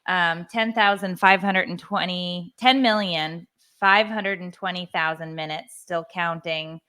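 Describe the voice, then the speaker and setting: A woman's voice: fairly low pitch, steady tone, a little slow, sharp tone, clean tone. A woman in her thirties co-hosting a parenting podcast, chatting casually and laughing easily. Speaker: podcast co-host. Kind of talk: casual chat.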